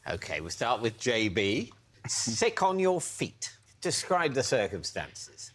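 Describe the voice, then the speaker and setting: A man's voice: mid-range voice, very animated, slow, fairly bright tone. A man captaining a team on a comic panel show, making dry, wry remarks. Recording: noisy TV studio.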